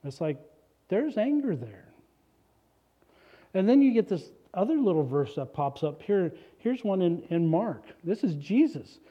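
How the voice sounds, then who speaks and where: A man's voice: sits high, very animated, measured pace, mellow, slightly rough, highs cut off. A middle-aged man preaching a sermon, telling his own story in an earnest, personal way and reading scripture aloud. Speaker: pastor.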